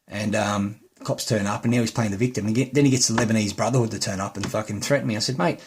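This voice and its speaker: A man's voice: fairly low pitch, steady tone, fast, slightly rough. An Australian man in an angry, heated rant, swearing heavily and restarting his sentences often. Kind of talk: angry ranting monologue.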